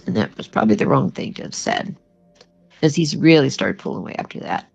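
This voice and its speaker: Older woman, gravelly voice, earnest conversational storytelling, dull lo-fi sound, faint music behind. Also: extremely low pitch, big pitch swings, a little fast. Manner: earnest, plainspoken, conversational with many you-knows. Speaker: guest storyteller. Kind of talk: recounting a personal story.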